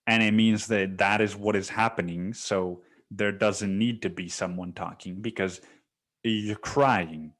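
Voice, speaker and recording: Profane rambling young man, low voice. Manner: restless, swings between loud bursts and near-whispers. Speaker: podcast host. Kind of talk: solo confessional monologue.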